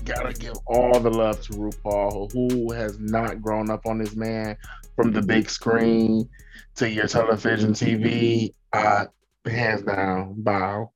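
Relaxed upbeat male co-host. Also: on the low side, slow pace, faint music behind. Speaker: radio co-host. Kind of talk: casual chat.

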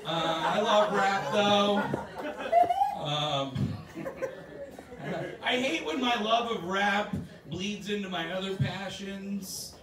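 A man performing a stand-up comedy set on a club stage, self-deprecating and animated, breaking into loud put-on voices. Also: high voice, slow pace, noisy background. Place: comedy club stage before a laughing audience. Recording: echoey club recording from a distance, loud crowd laughter.

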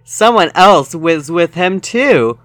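Slow, bright-voiced young man reading melodramatically. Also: high voice, animated, no echo, clean studio sound. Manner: mock-dramatic, reading with theatrical overacting and laughing. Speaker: podcast host reading fan fiction aloud. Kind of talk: comedic dramatic reading.

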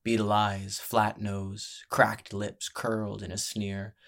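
A man reading a fantasy audiobook as narrator, with measured, dramatic storytelling. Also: on the low side, completely flat delivery, vocal fry, a bit bright.

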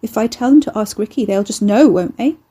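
A woman voicing Carrie, a frightened young woman who speaks in a shaky, halting way. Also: fairly high pitch, dark tone, slightly rough. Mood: distraught.

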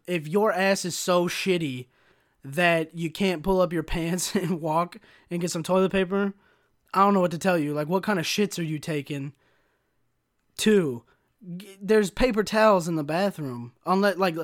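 Young male podcast host, brash solo rant, slightly high voice, heavy swearing and slang. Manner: profane, animated, slangy ("bro", "dude"). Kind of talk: casual solo storytelling rant.

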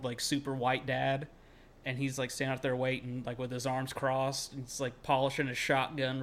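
A young man rambles through a story on a casual podcast. He leans on "like" constantly and swears without a thought. His voice sits at an ordinary middle pitch. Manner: rambling, heavy on filler "like", swears freely, shouts when quoting himself. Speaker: podcast co-host.

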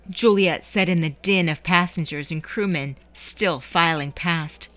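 A woman host reading a scripted story narration in a measured storytelling manner. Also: on the low side, a bit bright, no room sound.

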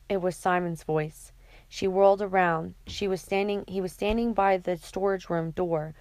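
A woman narrating an audiobook chapter in a steady, even read. Her voice sits low with a gravelly fry, and the recording is close and dry with no room sound. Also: moderate pace, no room sound.

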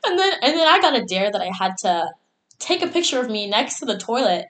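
In an echoey room, a young adult female podcast co-host chats casually and giggles, peppering her talk with "like" and swearing. Her voice is on the high side and fairly bright, moving quickly with big pitch swings.

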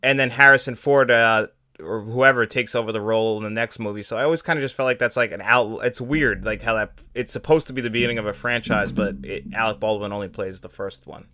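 A man co-hosting a casual movie podcast, chatty and quick to laugh. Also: fairly low pitch, bright, forceful tone. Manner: chatty, laughs often, trails off. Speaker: podcast co-host. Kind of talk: casual film review chat.

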